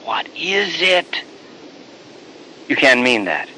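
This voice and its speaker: A priest doing an indignant resentful older brother. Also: male voice, fairly high pitch, big pitch swings, takes it slowly, bright, forceful tone, a little hiss or hum, heavily acted, low-quality recording. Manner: indignant, pleading, raised voice. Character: older brother, young man, bitter and resentful.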